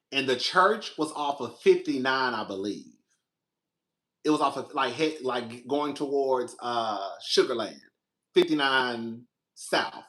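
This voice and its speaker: A young man who hosts the show tells a personal story in a casual, animated way. He jumps into a high voice whenever he quotes his own reactions.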